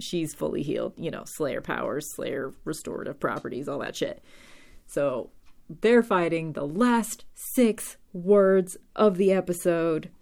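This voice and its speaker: A woman's voice: deep voice, vocal fry. A young woman hosting a podcast, chatting casually and rambling through a TV episode recap with offhand swearing.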